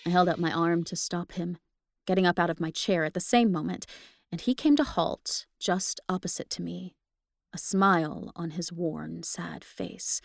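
A woman podcast host reading a ghost story aloud, expressive, with casual asides to listeners. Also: fairly low pitch, normal speed, vocal fry, dry recording. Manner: expressive, laughs at the text between passages.

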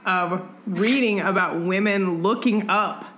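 A young woman hosting a podcast, chatting casually about a book and acting out its characters with big jumps in her voice. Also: slow pace. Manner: animated, acts out characters with big pitch jumps. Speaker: podcast host. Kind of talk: casual book-club chat. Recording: faint background noise.

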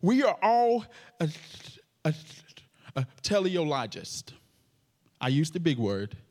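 A man's voice: fairly high pitch, sing-song, takes it slowly, darkish tone. A man preaching a sermon with a stutter, joking playfully with the congregation. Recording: long hall reverb.

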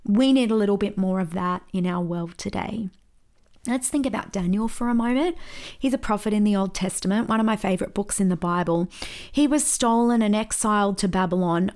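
Lively storytelling woman pastor. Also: medium pitch, brisk. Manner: lively storyteller, laughs at her own story. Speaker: pastor and podcast host. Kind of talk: podcast teaching with storytelling.

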